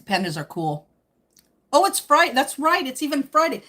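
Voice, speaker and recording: Husky woman chatting on her live stream, voice jumps all over, kinda high. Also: sing-song, moderate pace, pushed and bright. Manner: chatty, teasing, reads out and answers viewer comments; speaks while eating. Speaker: livestream host chatting with viewers. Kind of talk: casual live stream chat.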